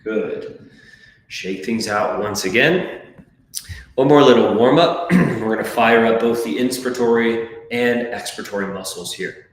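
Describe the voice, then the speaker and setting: A man coaching a breathwork class, calmly counting and giving gentle step-by-step cues. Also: mid-range voice. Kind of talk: guided breathwork class instruction. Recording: very echoey room.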